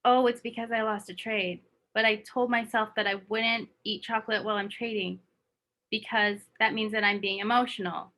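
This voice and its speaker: A woman's voice: mid-range voice, steady tone, moderate pace, bright, forceful tone. A woman coaching her team in a motivational talk, emphatic and acting out her own inner voice.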